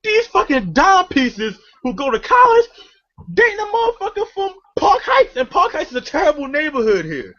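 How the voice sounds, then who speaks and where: A man's voice: very high-pitched, normal speed, lo-fi sound. A man, co-hosting a podcast in a profane, comedic rant full of laughter. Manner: profane, animated ranting with frequent laughter. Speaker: podcast co-host.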